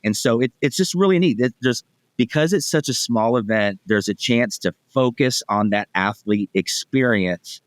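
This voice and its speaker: A man's voice: mid-range voice, moderate pace, no echo. A man in his forties, a podcast guest chatting casually in an upbeat, talkative way with frequent restarts. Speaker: podcast guest, event executive. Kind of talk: casual interview chat.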